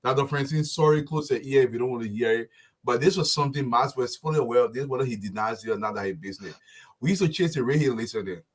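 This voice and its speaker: A man hosting a live talk show, telling animated stories and laughing often. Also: mid-range voice, quick pace. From Liberia.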